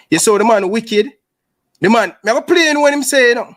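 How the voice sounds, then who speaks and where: A man's voice: very high-pitched, expressive, fairly quick, fairly bright tone, dry recording. A man with a Jamaican accent hosting a YouTube show, venting in heated casual chat and saying "brother" again and again. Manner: aggrieved, repeats "brother" often.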